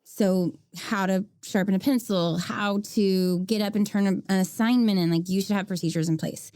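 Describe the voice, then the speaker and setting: A woman's voice: medium pitch, steady tone, moderate pace, darkish tone, no room sound, clean studio sound. A woman teacher co-hosting a casual podcast, giggly and self-deprecating as she explains her classroom habits.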